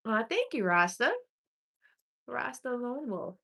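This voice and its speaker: A woman's voice: fairly high pitch, very animated, vocal fry, bright, forceful tone. Chatty woman reading tarot live. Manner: chatty and affectionate, calls viewers honey and sweetie; reads chat aloud while scrolling, with pauses and restarts. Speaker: tarot reader on a livestream.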